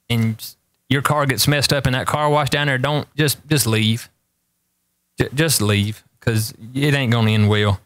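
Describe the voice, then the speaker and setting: Rambling host, dry sound. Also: male voice, mid-range voice, a bit bright, no echo. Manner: rambling, emphatic, repeats warnings for effect. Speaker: talk show host. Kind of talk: casual storytelling chat.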